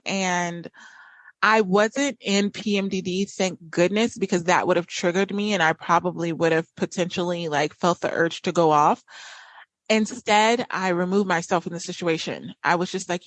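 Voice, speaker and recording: A woman's voice: lowish voice, moderate pace, no room sound. A woman podcast host, casually telling a personal story in a chatty way with many fillers and restarts.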